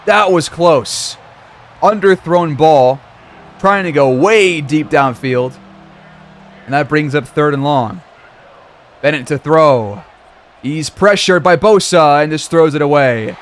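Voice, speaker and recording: A man giving play-by-play commentary over a football video game, reacting loudly to big plays. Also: a little high, takes it slowly, pauses often, a little hiss or hum. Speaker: gaming commentator.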